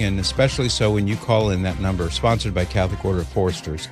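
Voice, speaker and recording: A man hosting a call-in radio talk show, playful at first and then calm and explanatory as he answers a listener's letter. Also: low voice, fast, over music. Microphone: studio microphone.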